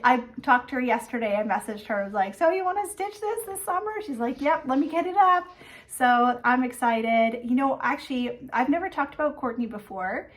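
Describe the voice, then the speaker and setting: A woman in her thirties hosting a stitching vlog, telling a story in a chatty way with many fillers and acted-out quotes. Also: fairly high pitch. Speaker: flosstube host. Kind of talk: casual chat.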